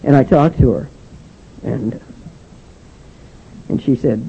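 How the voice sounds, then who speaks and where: Older man, gravelly, mid-pitched, halting testimony speaker, dull lo-fi recording. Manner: halting, with frequent "and, uh" restarts. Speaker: speaker sharing his recovery story. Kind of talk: personal testimony speech.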